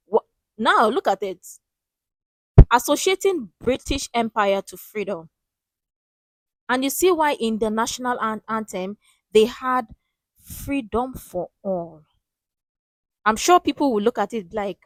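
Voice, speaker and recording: A woman's voice: fairly high pitch, expressive, a little slow, long pauses, no echo, low-quality recording. A woman hosting a reaction video, commenting in an emphatic, preachy way and repeating phrases for emphasis.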